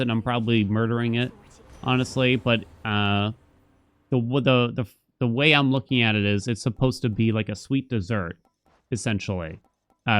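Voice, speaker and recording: A man's voice: mid-range voice, fairly bright tone. A young man casually commenting on his gameplay, thinking aloud and chatting about his life between moves. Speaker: gaming streamer.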